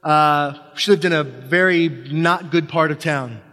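A fairly high-pitched man tells a personal story on a stage, his words ringing with the long reverb of a hall. He halts and restarts often and leans on repetition to build tension. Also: unhurried, pushed and bright.

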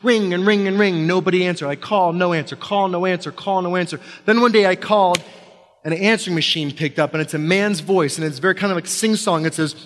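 A man telling a personal story from a stage, halting and restarting, building tension through repetition. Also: high voice, fairly bright tone. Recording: long reverb of a hall.

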